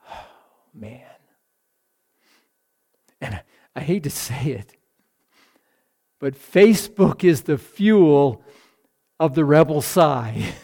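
A man's voice: a little high, expressive, slow pace, long pauses, darkish tone. A man delivering a devotional sermon in a slightly raised voice, taking his time over each phrase. He sighs audibly and swells into fervent emphasis on key points. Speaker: preacher.

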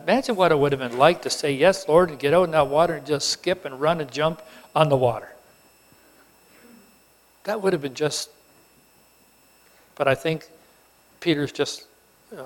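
A man preaching a sermon, telling the story with animated emphasis and acting out the characters. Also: on the high side, normal speed, pauses often. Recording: long hall reverb.

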